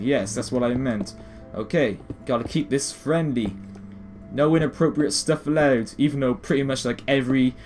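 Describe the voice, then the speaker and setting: Excitable British teen rambling over gameplay. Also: male voice, medium pitch, a little hiss or hum. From Britain. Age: late teens. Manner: rambling, excitable, self-mocking. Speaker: gaming video host. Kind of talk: gameplay commentary.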